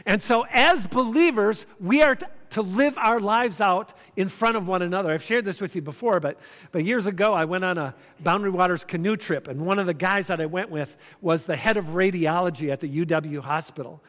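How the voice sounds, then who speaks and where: A man's voice: high-pitched, brisk, a bit bright. A man in his fifties preaching a sermon, earnest and conversational, telling stories with emphatic repeats. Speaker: pastor. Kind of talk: sermon with storytelling. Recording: long hall reverb.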